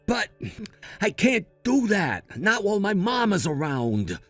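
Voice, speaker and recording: A man's voice: high-pitched, big pitch swings, unhurried, a bit bright, dry recording, faint music behind, exaggerated voice. A man playing a lying, evasive husband with a glib manner. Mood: pleading. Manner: glib, then pleading.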